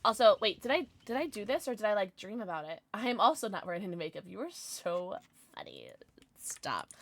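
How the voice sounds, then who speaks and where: A woman streamer chatting casually during a gameplay livestream, reacting loudly and reading chat aloud. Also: medium pitch, fairly quick. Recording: steady background noise.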